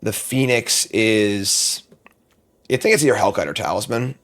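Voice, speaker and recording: A man's voice: lowish voice, fairly bright tone. A man streaming a card game draft, talking casually to himself as he weighs each pick, muttering and now and then flaring up in frustration. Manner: muttering, thinking aloud, quick outbursts of frustration.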